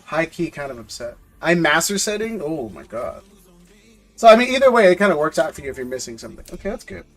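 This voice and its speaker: Opening trading card packs on a live stream, a man with a slightly high voice talks fast and very animatedly over faint background music. He jokes with viewers in loose slang, repeating words as he goes.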